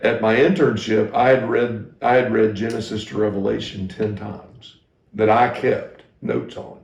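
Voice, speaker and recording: A middle-aged man with a low, gravelly voice tells a candid, self-deprecating story to ministry staff as a pastor and teacher. He restarts his sentences often as he works through his thoughts, and the room around him is echoey. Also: a little mellow, muffled recording.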